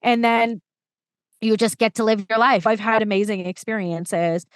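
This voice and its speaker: Dry-voiced, animated woman storytelling coach. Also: on the high side, clear, resonant tone, no room sound. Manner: animated, enthusiastic, quick asides. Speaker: storytelling coach, podcast guest. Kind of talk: casual conversation.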